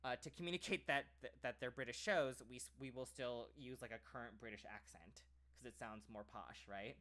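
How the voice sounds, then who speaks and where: A man's voice: mid-range voice, a little fast, sharp tone. An American man talking in a casual, rambling way, with many "like"s and restarted phrases. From United States. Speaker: streamer.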